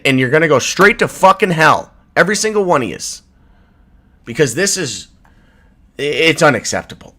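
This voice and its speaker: A man with a Canadian accent rants into his livestream, swearing hard. His pitch jumps high and falls away in wild swings. The voice sits a little high for a man. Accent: Canadian English. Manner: furious, profane, swinging from shouting to low mutters. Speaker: crypto livestream host. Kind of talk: angry livestream rant.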